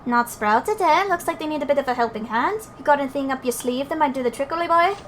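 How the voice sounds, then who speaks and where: Cheeky little Welsh fairy lad, put on by a woman, high-voiced and blunt, game sidekick. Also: animated, fast, a little hiss or hum. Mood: coaxing. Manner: chatty, blunt, folksy.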